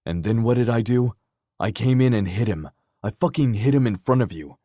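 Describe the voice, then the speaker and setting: A male narrator playing a gruff, protective young man with a clipped way of speaking. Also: low-pitched, fairly even intonation, moderate pace, a little mellow, no room sound, studio quality. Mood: furious.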